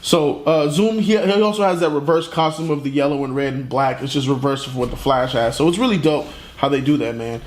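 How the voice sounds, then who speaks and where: A man giving a casual, slangy comic review with an animated, profane retelling. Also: medium pitch, fairly quick, hardly any pauses, roomy sound.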